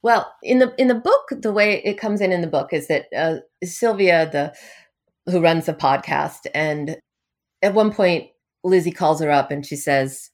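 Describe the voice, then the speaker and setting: A woman's voice: fairly low pitch, a little slow. A woman novelist answering interview questions in a casual, wry way, laughing now and then as she talks. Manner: wry, self-deprecating, laughs often. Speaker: novelist guest.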